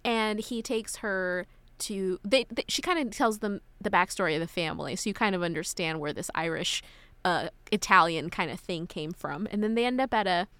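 A woman's voice: mid-range voice, moderate pace, a bit bright, clear, resonant tone, no room sound. A woman co-hosting a podcast, gushing enthusiastically over a movie and giggling often. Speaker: podcast co-host. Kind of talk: casual movie discussion.

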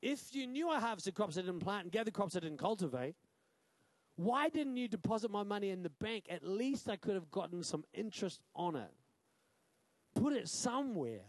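A male pastor with a New Zealand accent preaching a sermon, punchy and quick to quiz the congregation with "right?". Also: high-pitched, sing-song, dry recording. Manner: punchy, asks the crowd "right?" often.

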